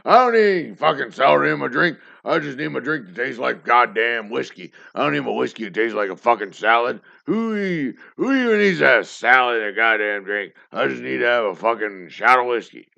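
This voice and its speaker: A tipsy man voicing a cranky old man who curses and yells at kids to get off his lawn. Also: mid-range voice, expressive, fairly quick, creaky, few pauses, dull audio, voice pushed up, exaggerated voice. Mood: cranky, ranting. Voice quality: cursing, bellowing.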